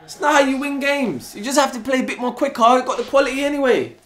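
A young man with a London accent reacting to a football match live, excitable and full of slang, yelling at the players. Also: very high voice, fast talker, echoey room. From England. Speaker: football fan reaction channel host. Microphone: desktop USB mic.

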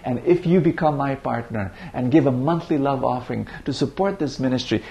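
A man's voice: medium pitch, creaky, darkish tone, a little hiss or hum. A man, a preacher, invites viewers to support his ministry and prays a blessing over them. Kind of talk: ministry appeal and blessing prayer.

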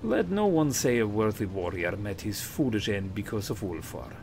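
A man voicing a proud, solemn male warrior of a wolf clan, reading game dialogue aloud in a rough put-on Scottish brogue. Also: lowish voice, lively intonation, moderate pace, background noise. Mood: grave.

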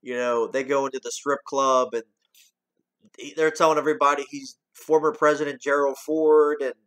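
A man's voice: mid-range voice, little pitch movement, moderate pace, fairly bright tone. A man chatting his way through a movie review. His talk is loose and rambling, with lots of restarts and the odd swear word. He stays casual throughout.

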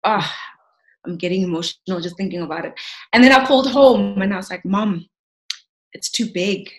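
A South African sports broadcaster in her thirties tells her story in an interview, talking fast at a medium pitch. She's emotional and animated, repeating words when she's moved.

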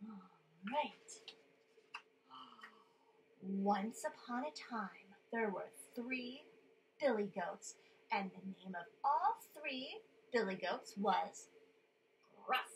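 A woman reading a children's picture book to a little one, high-pitched and full of swooping ups and downs. She takes her time, talks in a playful way, and keeps asking the listeners to join in. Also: big pitch swings, extremely slow, pauses often, bright, forceful tone, a little hiss or hum, low-quality recording.

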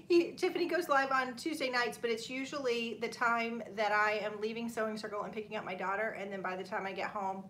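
A woman's voice: fairly high pitch, a bit bright, slight background noise. A woman in her thirties hosting a casual livestream, chatting with viewers, reading their comments aloud and laughing often. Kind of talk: casual live chat.

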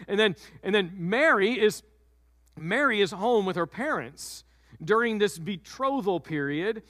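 Guy pastor preaching casual, storytelling, fairly high voice, dry close sound. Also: a bit bright, dry recording, long reverb tail. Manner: conversational, storytelling, repeats words. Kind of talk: sermon.

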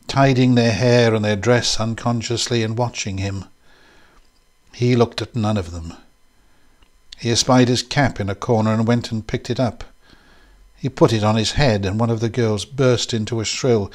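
A man giving a measured, scripted narration of a classic short story. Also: mid-range voice. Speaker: reader.

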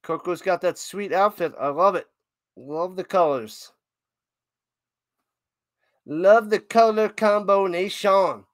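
A man doing casual live play-by-play of a tennis match as a streamer, excitable, humming and chanting between points. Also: high-pitched, takes it slowly, long pauses, dry recording, studio quality.

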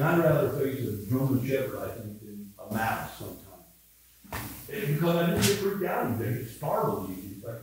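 Older midwestern pastor rambling thru a story, very echoey room, sounds far from the mic. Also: male voice, mid-range voice, a little mellow, slight background noise. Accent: Midwestern American. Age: 70s. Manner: rambling storyteller, self-mocking. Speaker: pastor leading Bible study. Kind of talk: casual anecdotal Bible study talk. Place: church room.

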